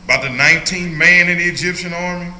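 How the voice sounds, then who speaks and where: A man's voice: sits high, steady tone, fast, sharp tone, reverberant, slight background noise, poor audio. An older man leading an informal Bible study as a pastor, joking and laughing often as he teaches. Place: church hall.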